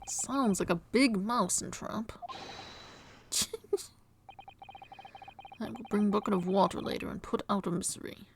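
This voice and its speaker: A woman's voice: mid-range voice, unhurried, long pauses, noisy background, natural voice. A woman voicing a burly, blunt Russian sailor in a video game, with a put-on Russian accent and broken English that drops its articles. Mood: mocking.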